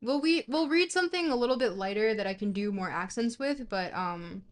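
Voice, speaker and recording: A woman's voice: a little high, expressive, brisk. A young woman streaming herself reading a philosophy book aloud. She stumbles and corrects herself often and breaks off to chat with viewers. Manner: stumbling, self-correcting reader; chatty asides to chat between passages.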